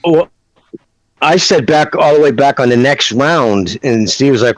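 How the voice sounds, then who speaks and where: A man's voice: medium pitch, moderate pace, no echo, poor audio. A man co-hosting a podcast, speaking casually and boasting about calling it early. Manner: boastful, self-assured. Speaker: podcast co-host. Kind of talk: casual chat.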